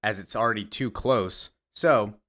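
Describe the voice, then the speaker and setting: A man's voice: on the low side, measured pace, a bit bright. A young man casually retelling a comic plot in a rambling, offhand way full of fillers. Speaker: voice actor and comic recapper.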